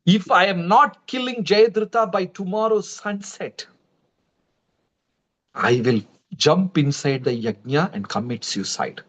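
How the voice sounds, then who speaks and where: A man's voice: high voice, animated, measured pace, fairly bright tone, voice pushed up. A man playing a resolute warrior vowing. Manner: vowing, emphatic. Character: resolute warrior prince making a solemn vow. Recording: dull lo-fi livestream audio.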